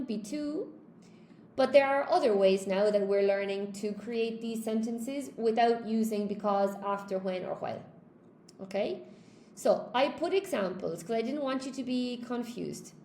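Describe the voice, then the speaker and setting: A woman's voice: on the high side, expressive, measured pace, mellow, echoey room, a little hiss or hum. Chatty Irish woman teaching grammar. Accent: Cork Irish. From Ireland. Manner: chatty, checks in with "okay?" and greets viewers by name. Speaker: English teacher. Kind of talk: live-streamed grammar lesson.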